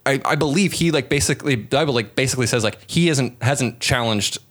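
A man's voice: mid-range voice, quick pace, a bit bright. A man casually retelling a Bible story on a podcast, rambling and acting out the quotes in goofy voices. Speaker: podcast co-host.

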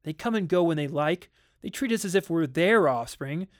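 A man gives voice to a worried father in a spoken storybook. He sounds stern and exasperated, and his outbursts turn sharp. The voice sits a little high, with a close, dry sound. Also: animated, moderate pace, no echo, close to an everyday voice. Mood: uneasy. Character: anxious wealthy father, stern and uneasy. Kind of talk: dramatic audiobook reading.

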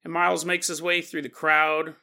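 A man's voice: a little high, completely flat delivery, normal speed, creaky, bright, forceful tone. A man hosting a podcast, telling a story in a casual, conversational way with lots of fillers. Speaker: podcast host.

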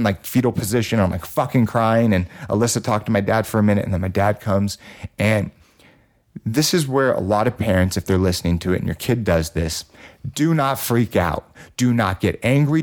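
A man's voice: lowish voice, darkish tone. Loose-talking man telling a story. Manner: loose, profane, filler-heavy storytelling. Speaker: podcast host. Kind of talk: casual storytelling chat.

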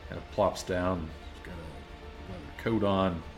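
Deep-voiced easygoing game master man. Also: steady tone, slow pace, over music. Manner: easygoing, hesitant, laughs at own jokes. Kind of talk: narrating a tabletop game.

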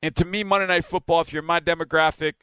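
A man's voice: fairly high pitch, steady tone, fast, a bit bright, smooth, dry recording. A man hosting a team podcast, wrapping up in a chatty, rambling way with laughs. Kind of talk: casual radio-style sign-off.

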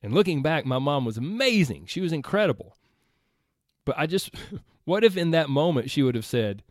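A man's voice: fairly high pitch, sing-song, moderate pace, no echo, studio quality. Earnest man giving a motivational talk. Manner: earnest, conversational, repeats phrases for emphasis. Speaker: health and weight-loss coach.

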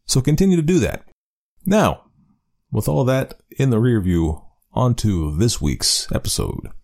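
Lively male podcast host. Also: mid-range voice, unhurried, vocal fry. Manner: lively, animated delivery. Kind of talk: podcast intro, chatty. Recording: faint music behind.

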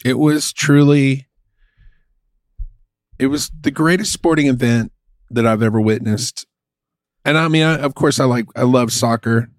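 Man, podcast co-host, crude excitable banter, dry close sound. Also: medium pitch, a little slow, long pauses, no room sound. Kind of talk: casual comedic chat.

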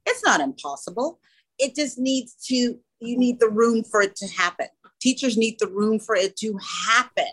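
A woman's voice: fairly high pitch, lively intonation, normal speed, fairly bright tone, breathy edge, rough recording. A woman who runs a small school, speaking in a casual interview and telling earnest stories full of quoted dialogue. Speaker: small school or daycare founder.

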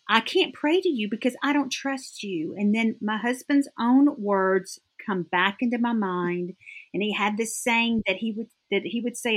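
A middle-aged woman, a guest in a faith-based interview, speaking earnestly and from the heart. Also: mid-range voice.

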